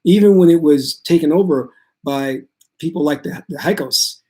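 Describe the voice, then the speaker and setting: Calm male spiritual teacher, slightly high voice, steady reassuring talk to camera. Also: moderate pace. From United States. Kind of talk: casual spiritual talk to viewers.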